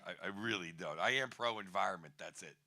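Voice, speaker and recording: A man's voice: low-pitched, quick pace, gravelly, pushed and bright. A man in his fifties doing a stand-up comedy set on a bar stage, wry and rambling, chuckling at his own jokes.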